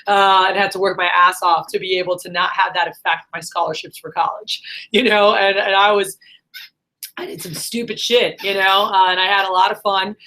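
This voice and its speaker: A woman's voice: medium pitch, little pitch movement, normal speed, sharp tone. A woman in her thirties telling a personal story in a casual, rambling monologue full of fillers. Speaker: vlogger.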